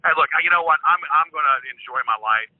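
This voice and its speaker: A man's voice: fairly high pitch, fast talker, no room sound. An older man on a phone call, profane and suspicious, stammering as he vows to find out who is pranking him. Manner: suspicious and defiant, rising in anger. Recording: dry tinny phone line.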